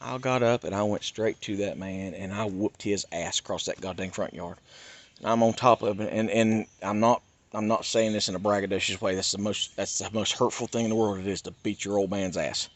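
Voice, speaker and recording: A middle-aged man from North Carolina, telling a personal story in an animated, emphatic rant. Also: on the low side, a little fast. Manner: animated, emphatic, swings between loud and hushed. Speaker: YouTuber.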